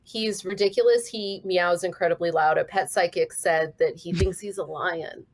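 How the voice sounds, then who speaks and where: Animated woman comedian telling stories. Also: lowish voice, normal speed. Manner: animated storyteller, swears casually. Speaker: comedian guest. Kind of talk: casual podcast chat.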